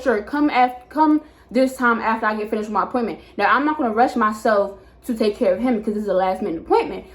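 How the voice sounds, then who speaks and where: Chatty young woman telling a story. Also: fairly high pitch. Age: 20s. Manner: chatty, animated, lots of "like" and repeats. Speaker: hairstylist and vlogger. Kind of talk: casual storytime vlog. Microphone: camera mic.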